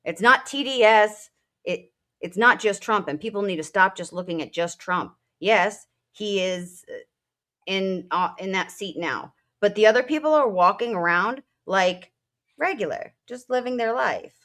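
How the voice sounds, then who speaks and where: A woman's voice: medium pitch, expressive, measured pace, fairly bright tone. A woman co-hosting a casual political talk show, a military veteran who speaks bluntly and emotionally, swearing at times. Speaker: co-host.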